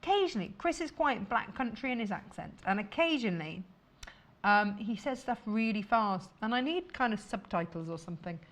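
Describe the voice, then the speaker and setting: A woman's voice: medium pitch, expressive, fairly quick, a bit bright. A woman presenting fabrics on a live shopping channel, chatty and jokey, laughing often.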